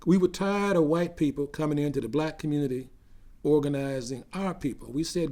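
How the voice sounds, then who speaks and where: An older man recounting memories in an oral history interview, growing animated as he tells a story. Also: a little high, a little fast.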